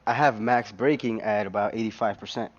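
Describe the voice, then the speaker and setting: A man's voice: lowish voice, steady tone, brisk, dull audio. A man casually chatting on a racing game live stream, rambling with many fillers and restarts. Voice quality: rambling, lots of fillers and restarts, laughs often. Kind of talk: casual gaming stream chat.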